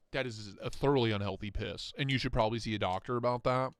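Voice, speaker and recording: Brief: male stream host, high and bouncy, jokey rambling delivery, dry close sound. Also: very animated, fairly quick, few pauses, a bit bright, no room sound. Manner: joking, rambling, laughs often. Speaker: livestream host. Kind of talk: casual live-stream chat.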